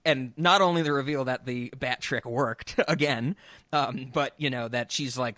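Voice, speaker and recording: A man's voice: mid-range voice, moderate pace, bright, forceful tone, no room sound, studio quality. A man co-hosting a podcast in casual chat, chatty and laughing often. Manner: chatty, laughs a lot, many fillers and restarts. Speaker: podcast co-host.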